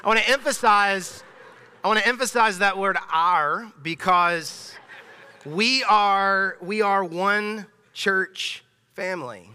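A man's voice: sits high, takes it slowly, sharp tone, smooth. A man in his thirties, a pastor giving a casual, emphatic sermon in a church sanctuary, often restarting his phrases. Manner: conversational, emphatic, with frequent restarts. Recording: long church hall reverb.

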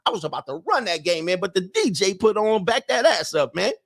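A man doing a brash young club guy, pitched up. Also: sing-song, a little fast, creaky, exaggerated voice. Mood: boastful. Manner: indignant, slangy, keeps saying man.

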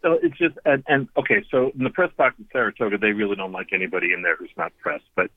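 A man in his fifties, a radio guest telling family stories in a lively, anecdotal way, often restarting his sentences. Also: on the low side, quick pace, no room sound. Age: 50s. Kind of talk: storytelling on a call-in interview. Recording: tinny phone line.

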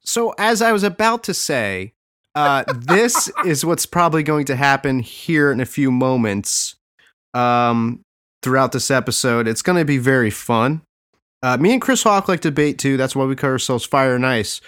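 A man hosting a podcast, chatting casually and laughing often, getting animated when he quotes people. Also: medium pitch, moderate pace, clean tone. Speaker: podcast host.

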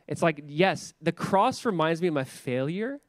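A man's voice: on the high side, expressive, moderate pace, no echo, clean studio sound. A man in his thirties preaching a church sermon in a casual, conversational way, often saying "like" and repeating words. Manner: conversational, repeats words, many filler 'like's. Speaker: pastor.

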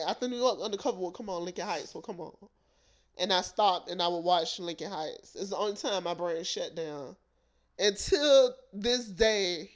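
Young woman co-host, casual chat, an animated and profane storyteller who laughs often. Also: mid-range voice. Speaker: podcast co-host.

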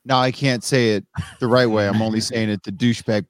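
Wry male podcast co-host, low-ish voice, dry close recording. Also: fairly even intonation, a little fast, clean tone, dry recording. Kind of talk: casual chat.

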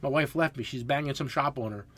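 A man's voice: medium pitch, quick pace. A middle-aged man, a tool truck dealer, telling a long story in casual chat, swearing freely and acting out both sides of the conversation. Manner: profane, animated storyteller acting out quotes.

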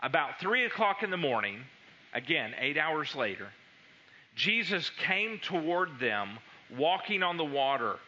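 A man preaching a sermon, telling the story with animated energy and slipping into the disciples' voices. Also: a little high, measured pace, highs cut off.

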